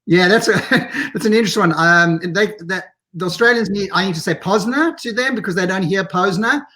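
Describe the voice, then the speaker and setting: A man's voice: high voice, brisk, sharp tone. A man in his fifties from South Africa, chatting casually as a guest on a live video call. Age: 50s. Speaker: podcast guest.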